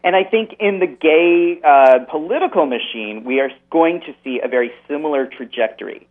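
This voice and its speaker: A man's voice: on the high side, normal speed. A man, a therapist, explaining earnestly as a guest in an interview over the phone. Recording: tinny phone line.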